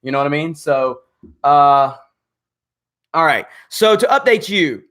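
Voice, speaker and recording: A hoarse man who is losing his voice, hosting a livestream and reading viewer comments in a rambling, halting way. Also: on the high side, a bit bright. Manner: rambling, halting, full of fillers. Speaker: livestream host.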